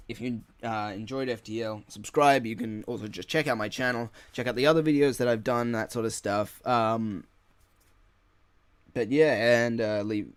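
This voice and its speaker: Man, gaming channel host, casual solo rant, swearing, lots of filler words, mid pitch, dry close sound. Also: no room sound. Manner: rambling, frustrated, heavy swearing and filler words.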